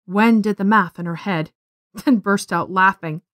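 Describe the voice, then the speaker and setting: A woman reading a science fiction story aloud as narrator, in a steady storytelling voice on a close studio mic. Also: mid-range voice, a little slow, no room sound. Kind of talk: scripted narration.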